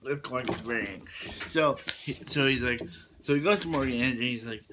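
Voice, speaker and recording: A man's voice: medium pitch, moderate pace, sharp tone, slight background noise. A man casually recapping a TV episode, rambling with many restarts and "he's like" retellings. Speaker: TV episode reviewer.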